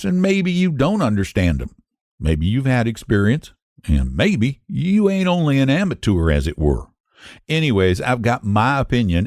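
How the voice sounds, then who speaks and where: A cocky old-time gambler from a mining camp, as a male reader puts him on, drawling in rural dialect. His lines swing up and down in pitch and sound close and dry. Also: a little mellow, dry recording, lightly acted. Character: boastful frontier gambler man, sly and cocky.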